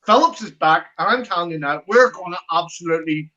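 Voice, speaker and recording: A man's voice: high-pitched, animated, normal speed, pushed and bright, muffled recording. A man co-hosting a fan podcast, who talks in a heated way and repeats himself for emphasis. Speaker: co-host of a fan channel. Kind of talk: post-match fan podcast.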